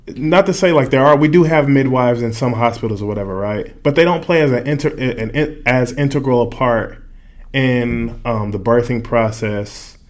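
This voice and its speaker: Guy hosting an interview, middle-pitched voice, trips over his words a lot. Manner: hesitant, stumbling restarts. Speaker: interviewer, host. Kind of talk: casual interview.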